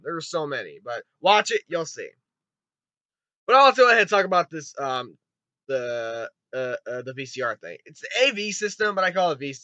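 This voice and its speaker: A man giving a rambling, excitable spoken movie review, swearing often and retelling scenes with quick put-on voices. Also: on the high side, dry recording, lo-fi sound. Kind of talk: casual spoken film review.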